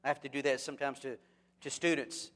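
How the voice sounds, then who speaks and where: A man preaching a lively sermon, throwing rhetorical questions at the congregation with joking asides. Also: mid-range voice, fast. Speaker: pastor. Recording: long hall reverb.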